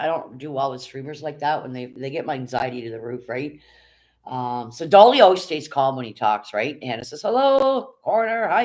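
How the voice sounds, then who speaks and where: A live streamer giving blunt, casual commentary, swearing freely and talking straight to the chat. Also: mid-range voice.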